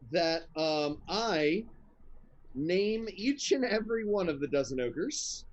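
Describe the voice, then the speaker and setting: Game master, male, playful, higher-pitched, dull lo-fi sound. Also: animated, slow pace. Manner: playful, laughs often. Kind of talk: running a tabletop game.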